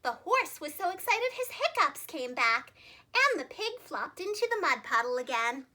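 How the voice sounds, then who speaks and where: Storyteller for kids: young female teacher, very bright high voice, lively ups and downs. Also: normal speed. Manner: warm, expressive read-aloud delivery. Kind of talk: children's storybook read-aloud.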